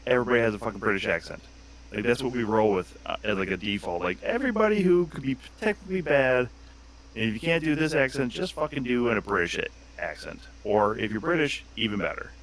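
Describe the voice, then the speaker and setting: A man's voice: medium pitch, animated, fast talker, a bit bright, low-quality recording. A man chatting casually as a guest on a livestream, joking crudely and swearing a lot.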